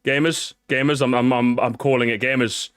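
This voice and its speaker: A young man streaming casually, excitable and profane, talking straight to his chat. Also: medium pitch, moderate pace, clear, resonant tone, dry recording, studio quality. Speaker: streamer reacting to a video.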